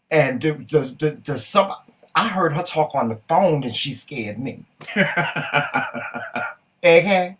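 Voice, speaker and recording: A man co-hosting a casual talk show, hyping things up in an animated way, swearing and laughing. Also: a little high, takes it slowly.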